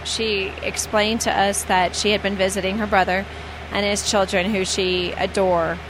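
A woman's voice: medium pitch, little pitch movement, moderate pace, background noise. A woman who works as a flight attendant, telling stories in a casual, chatty way with many fillers and restarts. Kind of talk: casual storytelling.

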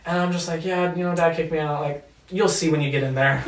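A man's voice: fairly high pitch, steady tone, fast talker. Young man guest, casual, cursing, roomy sound with a distant mic. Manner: loose, profane, hesitant with fillers. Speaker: podcast guest. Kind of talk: casual storytelling chat.

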